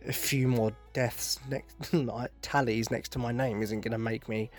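A man voicing a weary, hardened soldier in a plain, low retelling. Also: fairly even intonation, a little slow, faint music behind, close to an everyday voice. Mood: grim.

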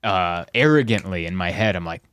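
A comedian telling stories in a casual podcast chat, animated and often laughing as he mimics people. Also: sits low, a little fast, smooth, no room sound, studio quality.

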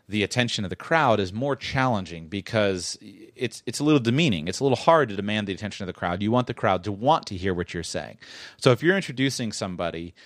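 Low-voiced man giving a rambling rant. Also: dry recording, studio quality. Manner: chatty, rambling, self-correcting rant. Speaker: podcast host. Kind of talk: casual monologue with public speaking tips. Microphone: close studio mic.

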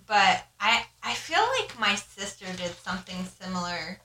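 Bright woman reading letters on a podcast. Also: mid-range voice, slight background noise. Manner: reads aloud haltingly, then rambles with many fillers. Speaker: podcast co-host reading listener stories. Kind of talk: reading listener letters and casual chat. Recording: roomy echo.

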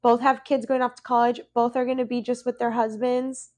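Playful, higher-voiced woman co-host. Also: level tone, a little mellow. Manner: playful, quick to laugh and chime in. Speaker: podcast co-host. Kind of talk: casual chat.

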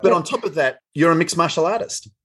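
A man's voice: a little high, fast, a bit bright. A man hosting a casual podcast interview, encouraging his guest and laughing along. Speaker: podcast host.

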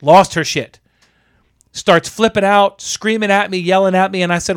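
A man co-hosting a podcast, telling a story in casual chat, animated and profane, acting out the people he quotes. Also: high voice, moderate pace, smooth, no echo, clean studio sound. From Florida. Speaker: podcast co-host.

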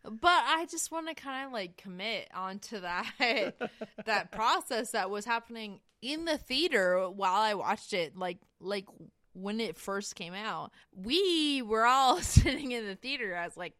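A woman's voice: medium pitch, expressive, a little slow, a bit bright, no echo, clean studio sound. A young woman co-hosting a casual podcast, telling a story with lots of laughter and swearing. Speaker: podcast co-host.

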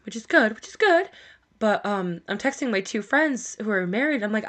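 A woman's voice: mid-range voice, lively intonation, moderate pace, fairly bright tone. A woman co-hosting a podcast, telling a story in casual chat, swearing freely and laughing as she goes. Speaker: podcast co-host.

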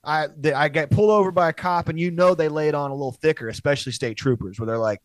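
A man's voice: fairly high pitch, fast, no room sound. A young man telling a rambling, profane story in casual podcast chat, laughing as he goes.

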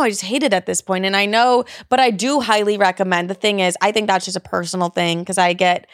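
A woman's voice: mid-range voice, dry recording, studio quality. A young woman hosting a podcast, giving casual dating advice in a blunt, chatty way and swearing freely. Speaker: podcast host.

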